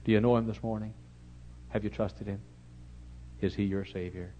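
A middle-aged man with a Texan accent, preaching a folksy, humorous storytelling sermon that swings from loud to hushed. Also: fairly low pitch, steady tone, moderate pace, lo-fi sound, a little hiss or hum.

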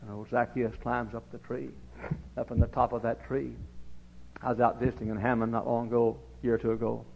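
A man preaching a sermon in a folksy, storytelling way, swinging into shouted exhortation. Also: mid-range voice, little pitch movement, a little fast, gravelly, slight background noise. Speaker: pastor. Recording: dull lo-fi recording.

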